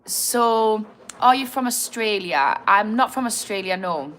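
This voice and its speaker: An addiction therapist with a strong Geordie accent runs a casual livestream, addressing viewers directly and reading out what they write. She keeps it loose and chatty, encouraging, quick to laugh, with the odd swear word. She speaks a little slowly and expressively, at medium pitch with a slightly bright tone.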